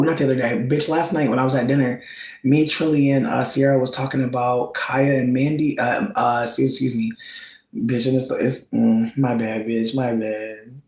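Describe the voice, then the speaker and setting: A man chatting casually, gossiping about reality TV in a slangy, campy style. His voice swings into high squeals when he quotes reactions. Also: a little mellow, echoey room, rough recording. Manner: slangy, campy storytelling with frequent "bitch" and "like". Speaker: vlogger.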